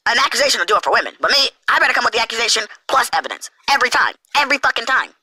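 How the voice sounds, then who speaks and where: A man's voice: very high voice, sing-song, racing, bright, forceful tone, dry recording, rough recording. A man in an angry rant as an online commentator, heated, sarcastic and profane.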